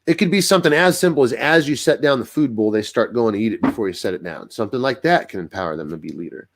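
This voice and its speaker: A man working as a dog trainer, explaining in a casual, animated way and acting out what dogs think in little voices. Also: medium pitch, fast. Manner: animated, acts out dogs' thoughts in voices. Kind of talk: casual instructional talk.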